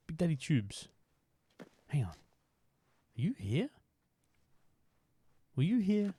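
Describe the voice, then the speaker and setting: A man streaming a motorbike game live, chatting excitedly to his viewers while he plays. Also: on the high side, slow, long pauses, husky. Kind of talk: live-streamed gameplay chat.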